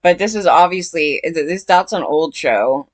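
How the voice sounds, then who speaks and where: Her voice is low-pitched and animated at a normal speed as this commentary vlogger chats to camera, full of fillers, restarts and uncertain questions. She often says she doesn't know, and the recording is dry.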